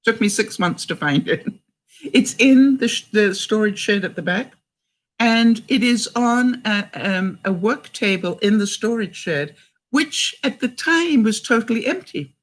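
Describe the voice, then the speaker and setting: A retired older woman from Canada, her voice slightly high and animated, chats unhurriedly with her viewers as a vlogger. She tells stories and reads out sayings and quotes, frequently laughing between sentences.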